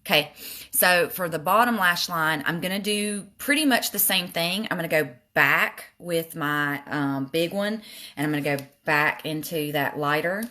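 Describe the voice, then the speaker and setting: A woman's voice: sits low, normal speed, bright, forceful tone. An older woman with a Southern accent chats casually while demonstrating her eye makeup and answering viewers' comments. She often makes fun of herself. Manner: chatty, self-deprecating, reads comments aloud. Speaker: makeup live streamer. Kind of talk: casual makeup tutorial live stream.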